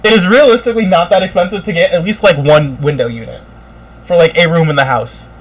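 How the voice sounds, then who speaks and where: A man's voice: fairly high pitch, fast talker, rough recording. A man co-hosting a podcast, ranting in casual chat with lots of swearing and mocking impressions. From United States. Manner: animated, profane ranting with mocking put-on quotes. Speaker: podcast co-host.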